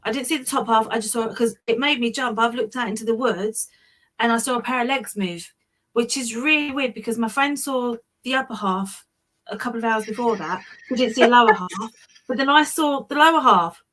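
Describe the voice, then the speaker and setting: A woman with a Southern English accent, her voice sitting a touch high. She tells her stories as a guest in a chatty, self-deprecating way, tripping over a word now and then. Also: brisk, a bit bright. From Hemel Hempstead, England. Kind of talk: casual storytelling chat.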